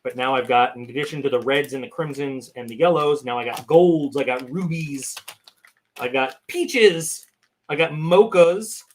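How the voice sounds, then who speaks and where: A man's voice: mid-range voice, normal speed. A man hosting a casual live stream, chatting loosely to his viewers and rambling between topics. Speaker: channel host.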